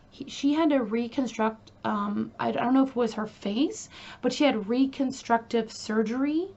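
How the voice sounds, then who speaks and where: A woman's voice: on the high side, a little mellow, dull audio. A woman hosting a casual true crime video, talking in a chatty, emphatic way with frequent fillers and asides.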